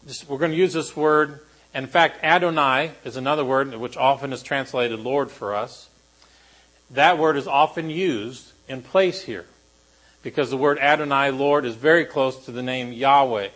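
A male pastor preaching a sermon to a congregation, shifting between animated emphasis and quiet, solemn lines. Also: medium pitch, moderate pace, low-quality recording.

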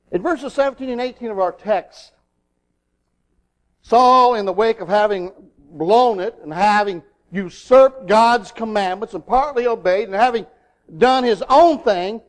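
A middle-aged man preaching a sermon in an animated way, acting out little voices in his asides. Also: high-pitched.

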